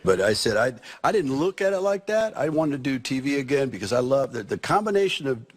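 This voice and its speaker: A man's voice: medium pitch, sing-song, brisk. A middle-aged man, a comedian guest, telling rambling stories in a casual interview with frequent restarts.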